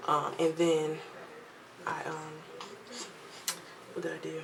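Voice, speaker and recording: A woman's voice: deep voice, slow pace, creaky, background noise. Chatty young woman telling a story. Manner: chatty, animated quoting of others, laughs often. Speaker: vlogger. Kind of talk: casual storytime.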